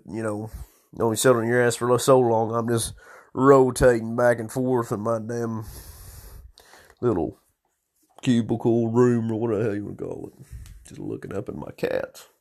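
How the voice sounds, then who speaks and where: A man in a small room at home talking into a phone, rambling and swearing in a slightly hoarse stream of consciousness. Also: medium pitch, steady tone, normal speed. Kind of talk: rambling casual monologue.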